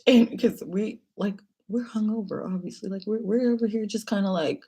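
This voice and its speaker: A woman in her late twenties talks through a casual storytime vlog, her voice breathy and slightly husky at an ordinary middle pitch. She retells events in a chatty, animated way, acting out what people said. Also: normal speed. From China. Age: late 20s. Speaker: vlogger.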